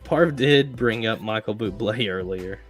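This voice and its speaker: A man's voice: on the low side, a little slow, faint music behind. A man hosting a casual podcast chat, laid-back and profane, laughing often. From East Tennessee. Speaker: podcast host. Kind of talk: casual race-reaction chat.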